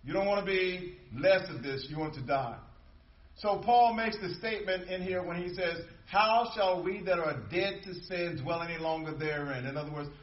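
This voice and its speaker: A man's voice: high-pitched, echoey room, distant mic, lo-fi sound. A male pastor preaching a sermon, emphatic and repetitive, drawing call-and-response from the congregation.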